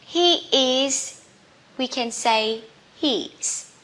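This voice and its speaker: A woman teaching English, saying each word slowly and repeating it for learners, often checking with "okay?". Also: a little high, pushed and bright. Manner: ends points with a checking "okay?". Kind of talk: slow drilled English lesson.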